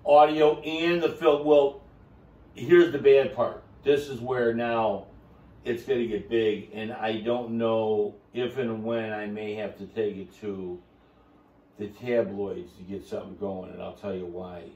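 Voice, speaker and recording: A man's voice: on the low side, steady tone, unhurried, darkish tone, reverberant, distant mic, lo-fi sound. A man telling his story on a podcast, boisterous and rambling, with a salesman's flourish. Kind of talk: casual chat.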